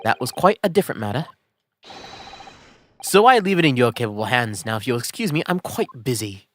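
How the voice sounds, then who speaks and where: A man's voice: sing-song, a little fast, fairly bright tone. A man voicing a pompous, eccentric male detective who speaks in a lofty, theatrical way. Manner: lofty, theatrical, raised pitch. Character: pompous eccentric male detective, vain about his hair.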